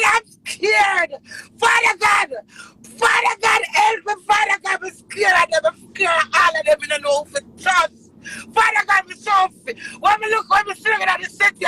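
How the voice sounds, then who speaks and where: Woman, Jamaican accent, middle-aged, defiant emotional rant, very high pitch, faint background noise. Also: rough recording. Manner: emotional, defiant, swings into shouting. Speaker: dancehall artist. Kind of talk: heated social media rant.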